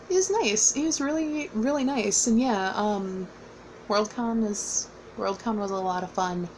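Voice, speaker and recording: A woman's voice: medium pitch, a little slow, a little mellow, slight background noise, poor audio. A young woman casually telling a personal story, rambling with fillers and laughing often. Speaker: vlogger.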